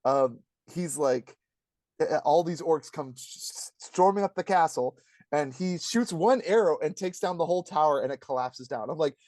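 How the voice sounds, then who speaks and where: A man on a podcast, talking fast and excitedly as he rants, jumping into a higher voice when he mimics people. His voice sits a little high for a man. The close mic sounds dry, with no room echo. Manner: animated, ranting, acts out quotes in a high voice. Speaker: podcast co-host. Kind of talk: casual review chat.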